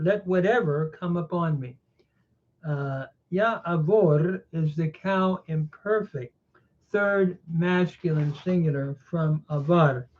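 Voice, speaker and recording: A man teaching a Bible lesson, reading Hebrew verses deliberately and then explaining the grammar and meaning. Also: a little high, darkish tone, highs cut off. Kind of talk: slow scholarly lecture.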